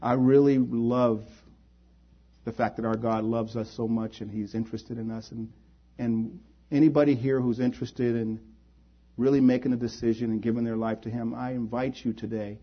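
A man's voice: medium pitch, flat delivery, normal speed, muffled recording. A male preacher at a church service, giving an altar call and closing prayer in a pleading, inviting way. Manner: pleading, invites hands raised.

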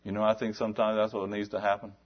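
A man preaching a sermon, shifting between quiet talk and loud, exhorting passages. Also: lowish voice, monotone, fast, highs cut off.

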